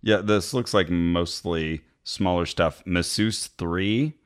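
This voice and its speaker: Deep-voiced wry man. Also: takes it slowly, clear, resonant tone. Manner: wry, skeptical. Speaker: podcast co-host. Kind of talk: casual conversation.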